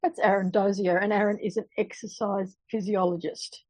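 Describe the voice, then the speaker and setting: A woman hosting a podcast interview, speaking in a measured way and framing long, careful questions. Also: mid-range voice, little pitch movement, a little mellow, slightly rough, dry recording, rough recording. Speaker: podcast host.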